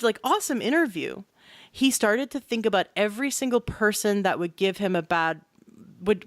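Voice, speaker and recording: A woman hosting a podcast, explaining and telling stories in an animated, conversational way, with many casual fillers. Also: mid-range voice, no echo. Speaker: podcast host.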